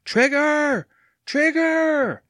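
A man voicing an excitable young boy in a storybook reading. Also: a little high, a little fast, husky, dry recording, clean studio sound, pitched above the performer's own voice, full character voice. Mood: desperate. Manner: eager, shouting at times.

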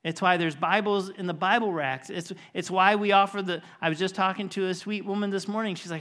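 A man's voice: high voice, fairly even intonation, brisk, hardly any pauses, bright, forceful tone. A middle-aged man preaching a sermon as a pastor, telling a personal story in an earnest way and building to emphatic preaching.

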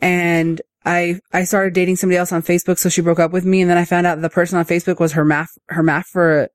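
Podcast cohost rambling through a story, says like a lot, mid pitch, dry close mic. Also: little pitch movement, fast talker, clean tone, no echo. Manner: storytelling with lots of "like". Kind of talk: casual podcast chat.

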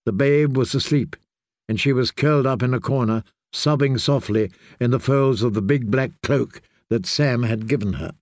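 A man reading a fantasy audiobook in a measured, steady storytelling manner. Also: medium pitch, no room sound, studio quality. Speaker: audiobook reader.

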